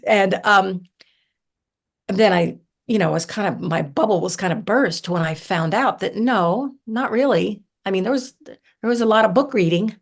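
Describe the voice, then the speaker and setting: Woman from southern ohio chatting away as a podcast guest, lively, lots of um and you know. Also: medium pitch, normal speed. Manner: animated, chatty, full of fillers. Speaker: herbalist guest. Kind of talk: casual storytelling interview.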